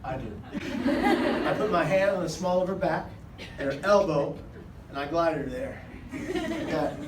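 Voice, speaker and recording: A man with a high voice tells a funny personal story to a live crowd, acting out the people in it with big swings in loudness. The sound is roomy and echoey, with the mic set some way off and a clear hum of background noise underneath. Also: a little slow, far from the mic. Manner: animated comic storyteller, shouts voices of others. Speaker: speaker. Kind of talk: storytelling talk to an audience.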